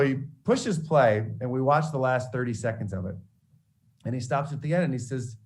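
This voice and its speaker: A man in his forties, a TV sports reporter, telling career stories to students in an animated, anecdotal way with frequent restarts. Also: mid-range voice, normal speed. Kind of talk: storytelling motivational talk.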